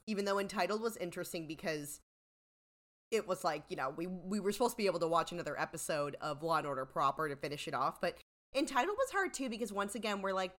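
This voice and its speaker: A chatty woman co-hosts a podcast, her pitch rising and falling a lot. She fills her sentences with "like" and "you know" and swears now and then. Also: expressive, quick pace, fairly bright tone. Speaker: podcast co-host. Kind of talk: casual chat.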